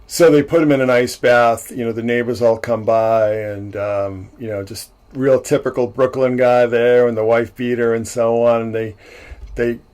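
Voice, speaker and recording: A livestream host with a medium-pitched, steady, darkish voice that's clear and resonant recaps a film at a moderate pace over a livestream mic. His delivery is casual and rambling, with many restarts and frequent chuckles.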